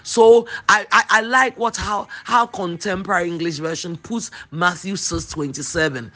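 A man's voice: a little high, moderate pace, few pauses, bright, forceful tone. A man preaching a sermon, emphatic and repetitive, drawing out declarations.

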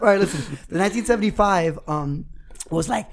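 A podcast co-host in his twenties trades rowdy, profane, joking banter in a casual chat, swearing a lot. His voice is high-pitched and fairly quick.

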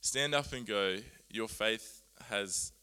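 A man preaching a sermon, earnest and animated, often laughing at himself as he explains Bible words. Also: lowish voice, takes it slowly, smooth.

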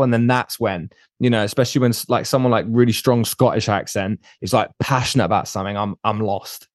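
A young man from England co-hosting a podcast in casual chat over a video call, who says he talks really fast. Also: mid-range voice, a little mellow, no room sound. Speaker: podcast co-host.

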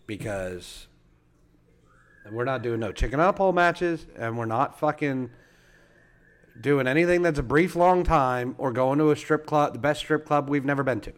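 This podcast co-host trades loud, profane, laughing banter in a casual chat, cursing freely as he goes. He speaks at a moderate pace with a medium-pitched voice.

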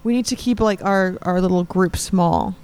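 A woman's voice: fairly low pitch, moderate pace, a little mellow, clear, resonant tone. A young adult woman playing a tabletop game, teasing and swearing casually. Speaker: player.

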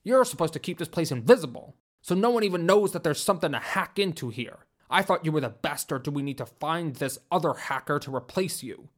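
A man acting out a commanding male official who pushes his staff hard and raises his voice when crossed. His tone is sharp and impatient, pitched a little high for a man. He sounds used to giving orders. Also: fairly quick, few pauses. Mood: demanding.

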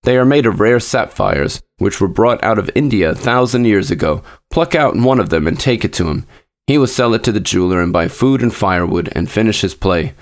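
A man's voice: lowish voice, lively intonation, brisk. A man as a grave, sorrowful statue prince. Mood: solemn. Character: noble, sorrowful male prince statue, gentle and commanding.

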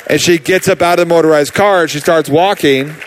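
A man preaching, telling a personal healing story in a casual, animated way with many fillers. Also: on the high side, a little fast, a little hiss or hum. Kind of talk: sermon testimony.

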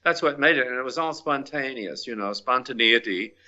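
A man's voice: mid-range voice, animated, brisk, pushed and bright. An older man reminiscing casually about his former restaurant staff, chatty and laughing often, with French words dropped in. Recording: dull lo-fi recording.

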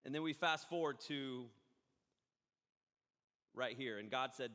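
A man preaching a sermon, rambling and animated, often breaking off mid-thought. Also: medium pitch, measured pace, pauses often. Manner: rambling, animated, self-interrupting. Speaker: pastor. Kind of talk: live-streamed sermon. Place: church hall. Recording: echoey hall reverb.

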